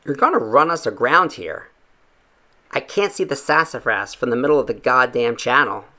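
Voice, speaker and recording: A man voicing an angry, overwhelmed father captaining a boat, gruff and short-tempered. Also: medium pitch, lively intonation, moderate pace, sharp tone. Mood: irritated.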